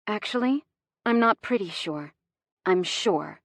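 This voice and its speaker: A woman giving an expressive, dramatic first-person reading of a romance audiobook. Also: medium pitch, slow pace, no room sound. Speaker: audiobook narrator.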